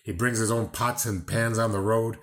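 Wry, deliberate man hosting. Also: fairly low pitch, fairly even intonation. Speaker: podcast host. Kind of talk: casual interview chat.

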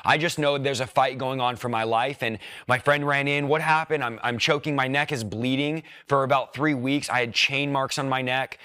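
A young man tells his personal testimony in an earnest, emotional way, often quoting what he thought at the time. His voice sits in a middle pitch. The sound is dry and close, with no room around it. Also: steady tone, normal speed, few pauses, sharp tone, no room sound. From rural background. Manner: earnest, emotional retelling with quoted inner thoughts. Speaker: guest sharing a testimony.

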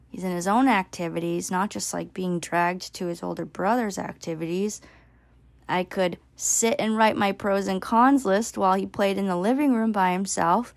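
Woman in her 30s vlogging, chatty, says like a lot, bit of vocal fry. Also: medium pitch, dry recording. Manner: chatty, many "like" fillers. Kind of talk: casual personal storytelling.

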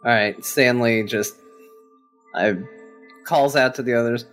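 A man's voice: mid-range voice, steady tone, measured pace, pauses often, a bit bright, clean tone, soft background music. A man playing in a tabletop game, blunt and impatient in the way he talks. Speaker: player. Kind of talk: casual tabletop role-play.

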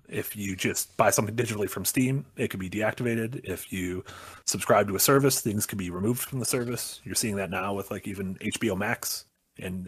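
A man co-hosting a stream in casual chat, talking in a chatty way that speeds up when he gets excited. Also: lowish voice, husky, no echo. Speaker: stream co-host.

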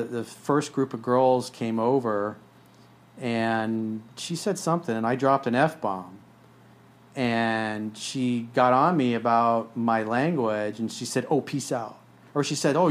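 A man's voice: mid-range voice, normal speed. A man hosting a podcast, telling stories in a blunt, profane, casual way. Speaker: podcast host.

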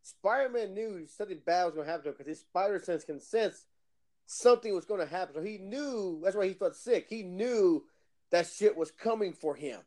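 A man's voice: high voice, brisk. A man in a casual movie chat, telling stories animatedly and acting out what others said. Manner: animated storyteller, acts out quotes.

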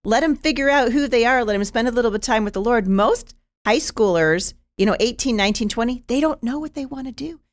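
A woman hosting a podcast interview, asking questions and offering opinions in a casual, warm way. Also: fairly high pitch, animated, fast talker. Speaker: podcast host.

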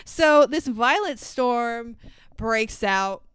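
Casual, lively chat from a woman on a podcast, her fairly high voice very smooth and resonant, dry close sound, swears a lot and laughs easily. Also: extremely slow, no room sound. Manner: animated, swears freely, laughs often. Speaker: podcast co-host. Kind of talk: casual chat recapping a movie.

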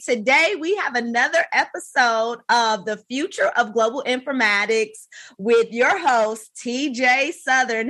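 A woman's voice: fairly high pitch, unhurried, sharp tone, no room sound. A woman hosting a podcast, effusive and upbeat, repeating her greetings as she welcomes a guest. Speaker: podcast host.

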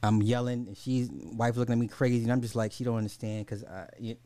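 A man's voice: mid-range voice, fairly even intonation, fast, dark tone, slight background noise. A man hosting a podcast, ranting in casual talk, swearing freely and repeating himself when worked up. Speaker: podcast host.

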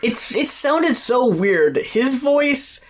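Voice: high-pitched, very animated, extremely slow, a little hiss or hum. Blunt, profane podcast co-host. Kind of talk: casual chat.

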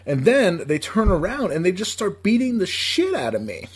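A man's voice: sits high, wildly swooping pitch, normal speed, slightly rough. A man from upstate New York telling a long story in casual chat, profane and rambling, laughing as he goes.

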